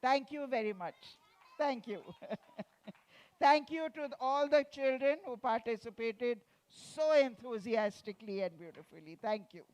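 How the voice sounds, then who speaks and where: At a festival venue, a children's author leads a group of kids through a storytelling session, speaking slowly and deliberately. Her voice is a little high and a little mellow, and she draws answers from the children with playful prompts.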